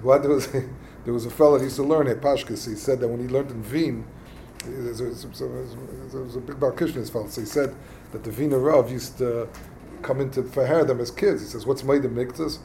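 A man teaching a casual text study lesson, explaining passages in a halting, conversational way and acting out quarrels. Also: medium pitch, fairly even intonation, warm tone, a little hiss or hum. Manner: halting, explains texts plainly and acts out quarrels. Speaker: religious teacher.

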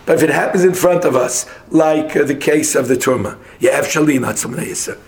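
A man in a casual Talmud study session, arguing a passage quickly and mixing English with Hebrew and Aramaic terms. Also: fairly high pitch.

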